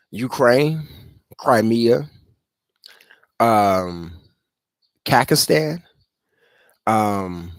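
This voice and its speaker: A man's voice: lowish voice, dry recording. Profane, rambling male commentary host. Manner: profane, conversational, filler-heavy. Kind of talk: casual commentary monologue.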